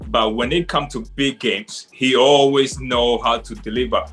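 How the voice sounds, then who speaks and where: A man's voice: medium pitch, steady tone, moderate pace, fairly bright tone, faint music behind. A young man chatting about football, hesitant and stumbling over his words as he starts. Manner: hesitant, stammering restarts. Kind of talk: casual football chat.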